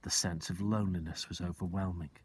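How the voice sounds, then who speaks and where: A male teacher reading a children's book aloud, expressive and slowing down for suspense. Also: low-pitched, slight background noise.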